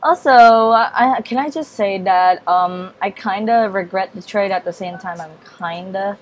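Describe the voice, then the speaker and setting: Slow, hesitant young woman vlogging. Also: medium pitch. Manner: hesitant and rambling, many ums and self-corrections; apologetic, repeats polite refusals. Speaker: gaming vlogger. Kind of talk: casual game commentary.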